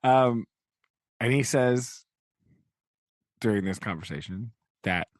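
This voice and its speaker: A man's voice: mid-range voice, slow pace, dry recording. A man co-hosting a podcast in casual book talk, rambling with many "like"s and "right?"s, acting out quotes in shifting voices. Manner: acts out quotes in changing voices. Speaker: podcast co-host.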